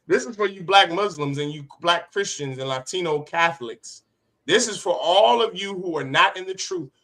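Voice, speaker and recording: A man teaching a religious class in a fiery preaching style, forceful and rhetorical, repeating phrases for emphasis. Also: high voice. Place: classroom with others present.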